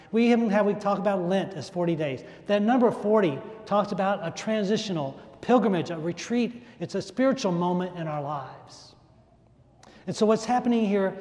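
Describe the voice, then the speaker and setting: High in pitch and a little mellow, a man preaches his homily within a large church whose hall echoes. His manner is emphatic, driving points home through repetition and rising and falling intonation.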